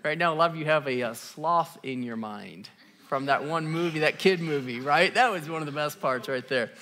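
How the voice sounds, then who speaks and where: A man pastor preaching a live church sermon to a congregation, energetic and repeating key lines for emphasis. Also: a little high, normal speed.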